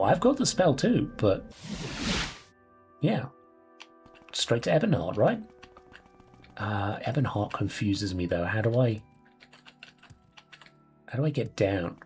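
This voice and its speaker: A chatty, sweary man talking through his game as he plays, his voice bouncing lively up and down. Keyboard clicks and faint music sit behind him. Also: medium pitch. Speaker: let's play host. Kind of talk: casual gameplay commentary.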